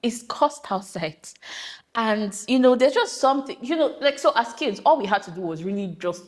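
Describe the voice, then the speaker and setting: A young woman from Nigeria hosting a podcast, chatting casually with rambling, animated asides. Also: fairly high pitch, fairly quick. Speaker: podcast host. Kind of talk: casual monologue.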